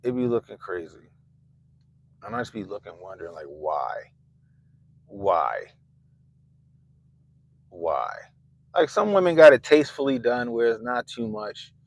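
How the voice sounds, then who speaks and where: A man hosting a livestream, ranting casually and swearing constantly, swinging between loud outbursts and low mutters. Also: sing-song, measured pace, long pauses, rough recording. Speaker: livestream host. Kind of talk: profane casual rant. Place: Baltimore.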